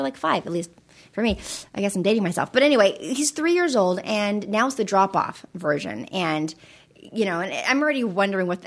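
A woman with a slightly high voice, talking as a guest on a podcast. She tells stories in a lively way and acts out the lines of the people in them. The pace is a relaxed, chatty back-and-forth. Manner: animated, acts out voices in anecdotes. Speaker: podcast guest, actress and math author. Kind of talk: casual storytelling chat.

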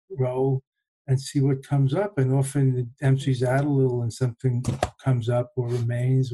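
A man talks through ideas in a warm, mellow voice. He is unhurried and reflective, pausing and restarting as he thinks aloud. It sounds like a relaxed podcast conversation. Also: mid-range voice. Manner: thoughtful, unhurried, with pauses and restarts. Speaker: podcast host and meditation teacher.

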